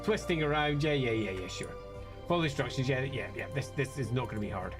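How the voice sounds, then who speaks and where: A man's voice: mid-range voice, expressive, brisk. Chatty man streaming a game. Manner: chatty, rambling, self-mocking. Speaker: streamer playing a video game. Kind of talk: casual live-stream commentary. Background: faint game music.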